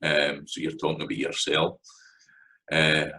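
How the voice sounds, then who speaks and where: Very deep-voiced Scottish man teaching. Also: measured pace, poor audio. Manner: relaxed, hesitant, with many fillers and restarts. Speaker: language teacher. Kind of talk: casual spoken lesson.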